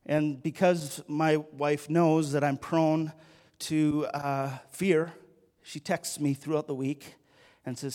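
A man's voice: a little high, flat delivery, slow, darkish tone. A middle-aged man giving a sermon, telling a personal story in an earnest, conversational way that rises in intensity. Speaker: pastor.

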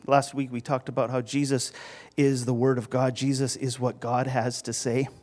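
A man's voice: mid-range voice, a little mellow. A male pastor giving a sermon in a conversational style, with restarts and emphatic rises.

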